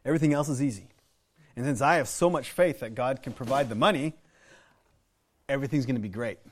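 Delivering a sermon a little fast in a mid-range voice, this middle-aged American pastor tells personal stories with earnestness. He often starts over and repeats his words.

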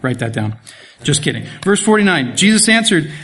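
A man preaching an expository sermon, animated, with rhetorical questions and sarcastic asides, at times dropping to a soft low voice for emphasis. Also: normal speed. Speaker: pastor.

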